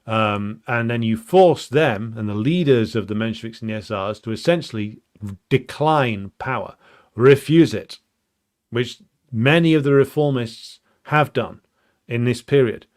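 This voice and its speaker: A man talks through political history in an unscripted commentary, often pausing on ums and restarting his sentences. His delivery is blunt and emphatic, at an ordinary middle pitch. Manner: thinks aloud with frequent ums and restarts.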